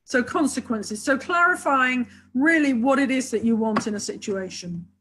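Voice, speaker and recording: A woman's voice: high-pitched, moderate pace, fairly bright tone, slightly rough, rough recording. A woman who works as a couples therapist, talking enthusiastically and at length in a webinar, explaining her ideas with many asides. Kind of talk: webinar talk.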